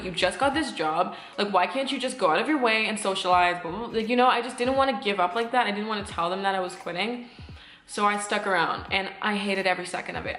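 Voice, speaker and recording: A woman's voice: medium pitch, fairly bright tone, roomy sound. A woman in her twenties telling a casual storytime, chatty, with many fillers and some swearing. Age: 20s. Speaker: vlogger.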